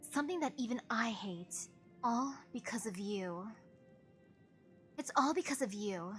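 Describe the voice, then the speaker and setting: A vengeful young woman villain speaks low and hushed, her resentment coming through in slow, broken phrases, as a woman streamer voices her. Her voice sits a little high for a woman. Faint music plays behind her. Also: expressive. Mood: accusing.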